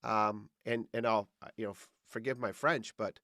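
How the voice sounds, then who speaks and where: A man's voice: on the low side, fairly even intonation, moderate pace, bright, forceful tone. A man hosting a podcast interview, chatty and rambling as he works through a question with many restarts. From Canada. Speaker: podcast host.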